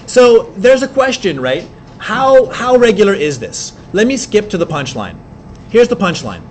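A high-pitched man teaches a class, explaining quickly and often repeating his words. He sometimes counts beats aloud. A faint rumbling noise sits under the recording. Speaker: English teacher. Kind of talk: classroom lecture.

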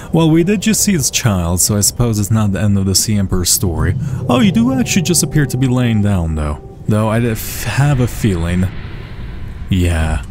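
A man's voice: deep voice, a little mellow, a little hiss or hum. A man giving casual, chatty commentary over his own gameplay, swearing freely and talking to the creatures on screen, from a desk mic. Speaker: let's play gamer.

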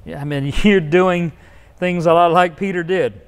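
High-voiced pastor preaching in a reverberant hall. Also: male voice, fairly even intonation, measured pace, clear, resonant tone. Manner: conversational preaching with many restarts and acted-out quotes. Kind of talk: sermon. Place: church sanctuary.

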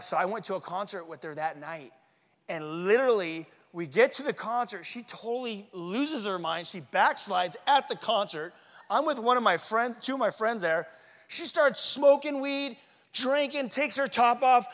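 High, bright-voiced man preaching in a hall. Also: brisk. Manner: casual, slangy, acts out his own quoted words. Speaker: conference speaker. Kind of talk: storytelling sermon.

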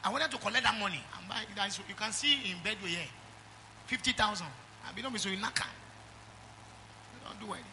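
A man's voice: sits high, brisk, long pauses, sharp tone, slight background noise. A middle-aged man with a Nigerian accent preaching a sermon, emphatic and calling the congregation for amens. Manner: emphatic preaching with call-and-response. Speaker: pastor.

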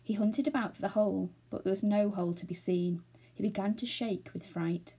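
A woman reads a children's storybook aloud in a steady, expressive way. Her voice is dark and mellow, slightly husky, with a gravelly edge. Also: mid-range voice, fairly quick. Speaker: reader of a children's novel.

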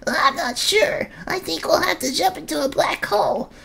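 A streamer voicing a small, timid blue alien creature from a storybook, squeaky and tearful. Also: normal speed, vocal fry, bright, forceful tone, exaggerated voice. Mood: unsure.

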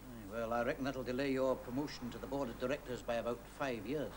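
A man's voice: mid-range voice, fairly even intonation, fast, natural voice. A man playing a wry Scottish factory hand. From Scotland. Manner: teasing, ironic, fond of fancy words. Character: wry, well-read Scottish factory worker, older man. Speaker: factory worker and union man. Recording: hissy old television broadcast.

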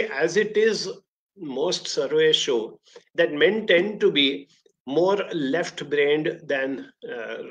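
Expressive Indian English man giving a talk. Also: poor audio. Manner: expressive storytelling with sudden rises in pitch and volume. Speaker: career counselor. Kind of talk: motivational talk.

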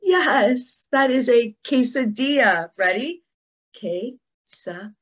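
A woman teacher leads a children's lesson, her voice swooping high and low as she encourages the kids. She speaks slowly and deliberately, with a slightly husky tone. She sounds animated and warm toward her young audience.

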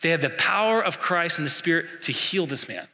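Male pastor, fairly high voice; animated sermon full of playful acted-out asides; church hall echo. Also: brisk. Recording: long hall reverb.

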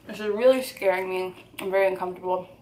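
A young woman in her twenties tells a story straight to the camera, candid and emphatic. Her pitch sits in an ordinary middle range. A faint room hum runs underneath. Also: fairly even intonation, fast, darkish tone. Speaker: YouTuber. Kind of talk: storytime vlog while eating.

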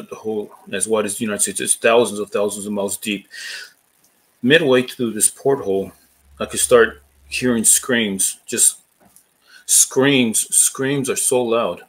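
Earnest man with a low voice. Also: rough recording. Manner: earnest, halting, repeats words and restarts phrases. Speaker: former boxer giving a testimony. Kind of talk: personal faith testimony, storytelling.

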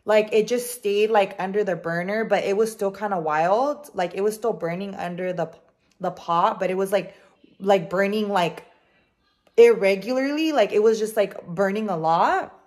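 A young woman vlogging in her home kitchen, telling a story in an animated, casual way with lots of swearing and "like". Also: mid-range voice, normal speed. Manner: animated, swears freely, heavy use of "like".

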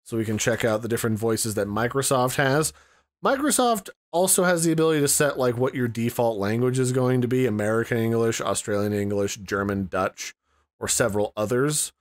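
A man's voice: medium pitch, lively intonation, fairly quick. A man hosting a casual tutorial, explaining in a rambling, conversational way and thinking aloud as he goes. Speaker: tutorial host. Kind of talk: casual screen-recorded tutorial.

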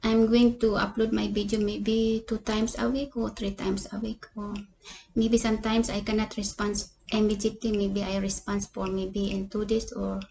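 A woman vlogger talking casually to her viewers, speaking halting English, tired and sad. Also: mid-range voice, flat delivery, creaky, dark tone, slight background noise. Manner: halting, non-native English, often addresses "people"; tired and sad, with small laughs. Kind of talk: casual eating vlog talk to viewers.

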